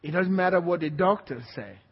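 A man's voice: high voice, a little fast, husky. A man preaching a sermon with emphatic repetition and call-and-response to the congregation. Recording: dull, echoey hall recording.

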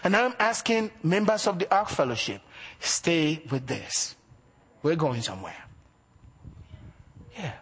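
A man preaching a sermon as pastor, asking rhetorical questions and swinging between loud emphasis and quiet asides. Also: a little high, expressive, unhurried, long pauses, slightly rough.

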